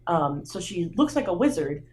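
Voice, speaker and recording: A woman's voice: lowish voice, very animated, normal speed, darkish tone. A woman playing a tabletop game, describing actions hesitantly with many fillers. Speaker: player. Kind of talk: tabletop role-play.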